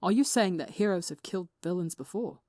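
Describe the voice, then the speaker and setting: Woman voicing a reluctant young male healer, grumbly, sheepish, low voice, dry. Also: expressive, brisk, darkish tone, no echo, close to an everyday voice.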